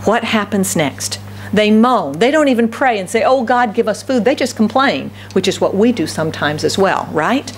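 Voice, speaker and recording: A woman's voice: mid-range voice, lively intonation, moderate pace, a little hiss or hum. A woman pastor giving a conversational sermon, often asking the congregation questions. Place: church service.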